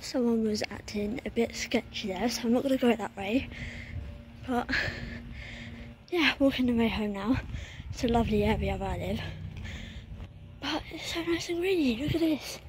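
A woman's voice: a little high, animated, moderate pace, long pauses, background noise. A young woman chatting casually to her viewers, rambling with lots of fillers. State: out of breath while walking. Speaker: vlogger. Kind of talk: casual vlog narration.

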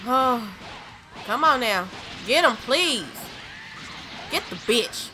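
Young woman gaming host, bright and sharp-toned, swears constantly, exasperated commentary, faint music behind. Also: on the high side, animated, very slow, long pauses. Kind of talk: frustrated gameplay commentary.

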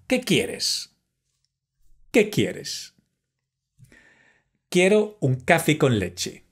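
Slow husky guy teaching beginners, really animated up-and-down voice, waits for you to repeat. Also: fairly high pitch. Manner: slow, careful, encouraging, pauses for repetition; switches between English and Spanish phrases. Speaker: Spanish teacher. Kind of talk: language lesson.

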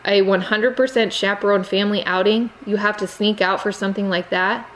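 A woman's voice: mid-range voice, fairly even intonation, brisk, a bit bright, slight background noise, natural voice, poor audio. A woman voicing an earnest, frustrated American teenage boy who pleads insistently. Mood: pleading. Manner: insistent, exasperated, raises his voice.

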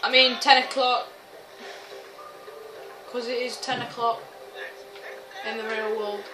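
A woman narrates her gameplay in a high, excitable voice, full of swearing and shrieks. She sounds a little away from the mic in a roomy space. Loud game music plays behind her. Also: slow pace, distant mic. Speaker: gaming video host. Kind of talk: let's-play commentary.

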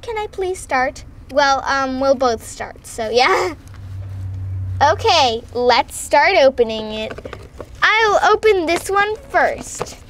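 A woman's voice: sits high, sing-song, slow, a bit bright, a little hiss or hum. A woman playing with dolls and unboxing toys, giggly and gushing, switching between doll voices. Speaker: doll-play video host.

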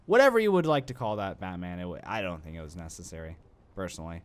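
A man's voice: on the low side, animated, quick pace, smooth. A young adult man giving let's play commentary, rambling and self-mocking and talking back to the game. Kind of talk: gaming commentary.

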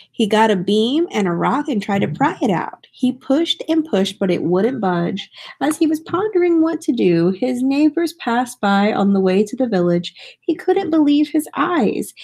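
Woman reading a storybook out loud, kinda high voice, stops to explain stuff. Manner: expressive, explains the story as she goes.

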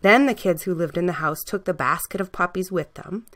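A woman reading a bedtime story aloud in a gentle, soft-spoken way. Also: fairly low pitch, brisk.

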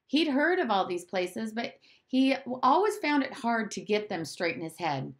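Woman, teacher, storybook read-aloud, expressive, lively pitch. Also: unhurried. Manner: expressive, lower for narration.

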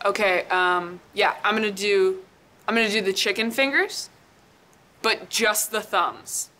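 A woman's voice: mid-range voice, a little slow, pushed and bright, slight background noise. A young adult woman hosting a comedy show, chatting playfully between acts. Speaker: host.

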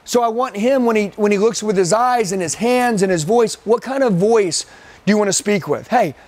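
A man with a high-pitched voice coaching a room of trainees live in an indoor training room. He is intense and emphatic, hammers his points by repeating them, and keeps calling people "dude". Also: moderate pace, darkish tone, no room sound. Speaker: sales trainer.

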